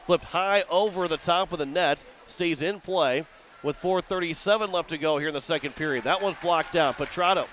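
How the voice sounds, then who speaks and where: A man from Missouri with a fairly high voice calls radio hockey play-by-play, narrating every pass in a quick running patter. His voice climbs and gets louder as a shot develops, and a faint hiss sits under the broadcast. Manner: rapid running description, rising with the action. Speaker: play-by-play announcer.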